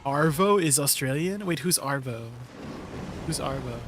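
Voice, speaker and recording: With a noisy background, a young man livestreams a game and reads chat aloud, riffing on viewers' messages in an easily amused way. His voice is fairly high and expressive, and he keeps a measured pace.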